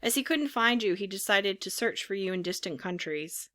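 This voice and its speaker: A woman voicing a large, calm, helpful male pigeon who talks in a matter-of-fact way. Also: mid-range voice, normal speed.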